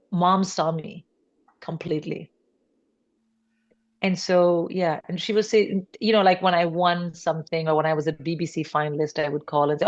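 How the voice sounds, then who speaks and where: A middle-aged woman comedian telling family stories in a podcast interview, animated, slipping into her relatives' voices and swearing casually. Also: low-pitched, lo-fi sound. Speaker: comedian guest.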